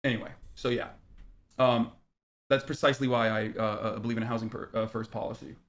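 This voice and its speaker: A man in his thirties riffs on politics at a fast clip. He drops profanity everywhere and leans hard on his points. His talk is loose and casual. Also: medium pitch, fairly even intonation, fairly bright tone. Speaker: streamer.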